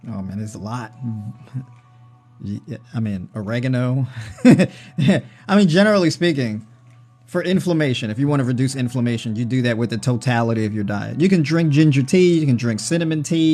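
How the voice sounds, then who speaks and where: Male livestream host, mid-pitched, chatty and joking, keeps asking "right?"; faint music under him. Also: mellow. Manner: joking, conversational, tags with "right?" and "you know". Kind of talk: casual livestream chat on diet. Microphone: personal mic.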